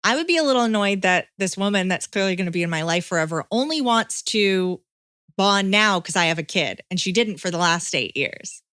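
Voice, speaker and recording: Quick-talking woman podcast co-host. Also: mid-range voice, expressive, fairly bright tone, clear, resonant tone, dry recording, clean studio sound. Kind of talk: casual advice chat.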